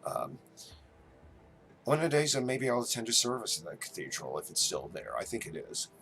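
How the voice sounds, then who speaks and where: A man's voice: mid-range voice, big pitch swings, fairly quick, gravelly, a bit bright, faint music behind. A man from New Jersey hosting a casual live chat, rambling and stammering as he answers viewers. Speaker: livestream host.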